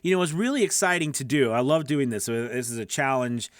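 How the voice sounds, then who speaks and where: A man's voice: mid-range voice, expressive, fairly quick, no echo, studio quality. A man coaching voice actors in a casual, conversational teaching talk with plenty of asides. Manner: conversational, lots of fillers and asides. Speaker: voice acting coach.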